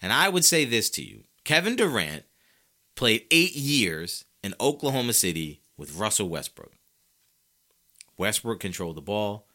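A man's voice: fairly low pitch, measured pace. A man hosting a solo sports talk show, arguing his points with rhetorical questions and casual slang aimed straight at his listeners. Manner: animated, argumentative, asks rhetorical questions.

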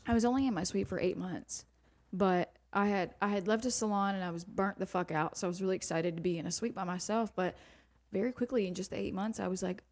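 A woman's voice: medium pitch, steady tone, fast, a little mellow. Casual, swearing woman podcast host. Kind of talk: casual interview chat.

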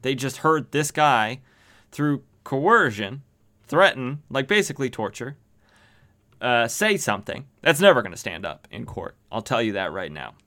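A man's voice: medium pitch, very animated, unhurried, bright, forceful tone. A man hosting a podcast, casually recapping an old comic with rambling, joking asides and lots of fillers. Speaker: podcast host.

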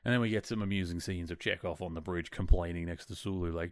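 Man, podcast host, lowish voice, dry sound, chatty episode retelling. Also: dry recording. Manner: rambling retelling with quick quoted character lines. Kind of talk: casual episode recap.

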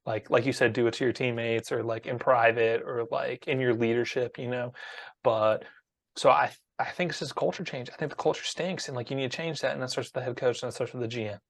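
A man's voice: mid-range voice, fairly even intonation, fast talker, creaky, no room sound. A man co-hosting a casual sports chat, laid-back and reflective, often hedging with "I think".

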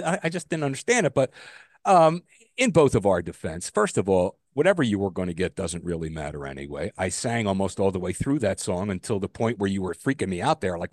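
A man co-hosting a casual podcast chat, telling stories with animation, his voice jumping high when he gets exasperated, and swearing freely. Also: big pitch swings, fairly quick, darkish tone, dry recording, studio quality. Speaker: podcast co-host.

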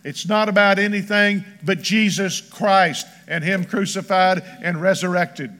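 Emphatic pastor preaching in a reverberant hall. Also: male voice, sits high, steady tone, measured pace, a bit bright. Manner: emphatic, rhythmic preaching with scripture read aloud. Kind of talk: sermon. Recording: long church hall reverb.

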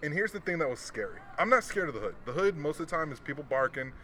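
Profane, animated man telling a story. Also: fairly high pitch, quick pace, slight background noise. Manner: profane, animated, acts out quoted voices. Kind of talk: casual storytelling chat.

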